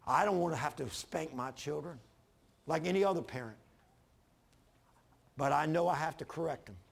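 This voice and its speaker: A man preaching a fervent sermon as pastor, swinging from loud emphasis to hushed lows and calling on the congregation to answer. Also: moderate pace, vocal fry, husky. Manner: calls for congregation responses.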